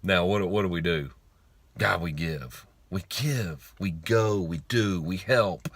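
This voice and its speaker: A man's voice: low-pitched, slow pace, a bit bright, no echo. A man giving a blunt, emphatic motivational talk on faith and money, repeating lines for effect and swearing casually. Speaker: online speaker on faith and money. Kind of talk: informal motivational monologue.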